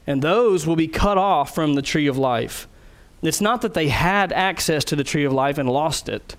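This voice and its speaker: Guy preaching, earnest and emphatic, a bit higher voice. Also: expressive, normal speed. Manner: earnest, emphatic, asks the audience direct questions. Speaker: pastor. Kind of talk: sermon.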